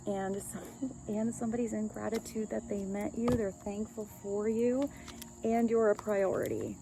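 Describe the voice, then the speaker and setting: A woman's voice: mid-range voice, fairly even intonation, normal speed, creaky, background noise. A woman giving a casual, rambling love reading as a tarot reader, chatting with light laughs.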